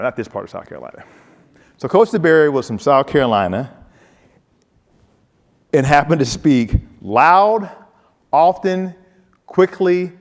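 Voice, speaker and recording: A man's voice: medium pitch, big-room sound. A man giving a humorous motivational speech, telling stories and talking straight to his audience. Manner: humorous, storytelling, addresses audience directly. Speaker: keynote speaker, former football player.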